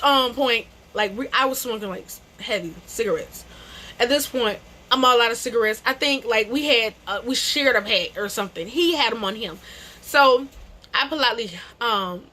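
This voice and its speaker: A young woman vlogs an animated storytime to the camera, repeating phrases, using slang with emphasis and addressing people as "bro." Her pitch is fairly high, and her voice sounds pushed and bright.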